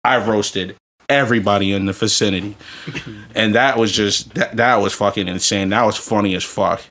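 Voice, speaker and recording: A man, drunk and telling crude stories on a podcast, ranting loudly with profanity and bursts of laughter. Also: lowish voice, steady tone, moderate pace. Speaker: podcast co-host. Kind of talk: crude storytelling banter.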